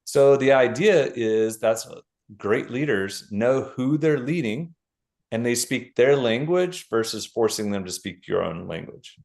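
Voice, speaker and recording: A middle-aged man, a guest author explaining ideas in a casual interview with lists and quick examples. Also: medium pitch, lively intonation, vocal fry, darkish tone.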